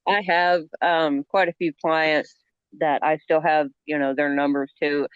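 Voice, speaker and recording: Smooth-voiced woman on a dull call line. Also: low voice, little pitch movement, normal speed. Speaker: small business owner, client. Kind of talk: casual call conversation.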